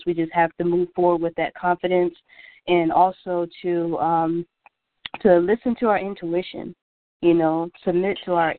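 A woman's voice: lowish voice, dry recording. A woman co-hosting a talk show who speaks earnestly and reflectively, with many "you know" fillers. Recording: dry phone-line call-in audio.

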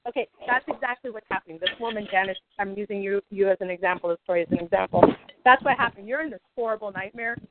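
A woman leading a spiritual group call, talking it through with lively acted-out inner monologues. Her voice sits at an ordinary middle pitch, and it comes through thin and narrow, like a phone line. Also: fast talker, background noise. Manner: animated, acts out inner monologues. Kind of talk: casual group teaching call. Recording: tinny phone-line audio.

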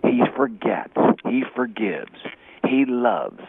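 Animated male storyteller on tinny radio. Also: mid-range voice, slow pace, creaky, background noise. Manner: animated storyteller, acts out quoted dialogue, drops to a whisper. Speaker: executive recruiter, guest speaker. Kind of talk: storytelling faith talk. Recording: tinny phone-like radio audio.

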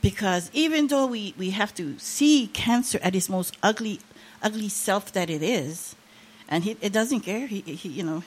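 A woman's voice: medium pitch, lively intonation, moderate pace, husky. An older woman preaching a sermon, sharing an emotional testimony with rising, impassioned emphasis.

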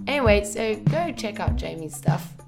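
A woman's voice: medium pitch, lively intonation, normal speed, vocal fry, loud music behind the voice. A woman hosting a podcast, chatting casually and jokingly, often trailing off mid-thought. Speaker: podcast host. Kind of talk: casual chat.

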